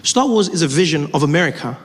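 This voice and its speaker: A man performing a stand-up comedy routine on a theater stage, telling stories with animated shifts into other voices. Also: a little high, fast talker. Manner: animated storytelling, swings between voices. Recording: live hall with long reverb.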